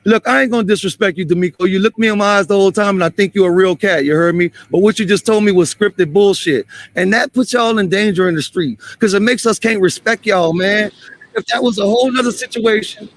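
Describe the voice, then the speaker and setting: A man confronting police on a street, angry and profane, repeating himself and shouting at times. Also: high voice, brisk.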